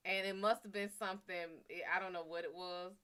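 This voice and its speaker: A woman's voice: lowish voice, fairly even intonation, fairly quick, pushed and bright, smooth. A woman hosting a livestream, telling a casual story in a chatty, profane way and talking to her viewers. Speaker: livestream host.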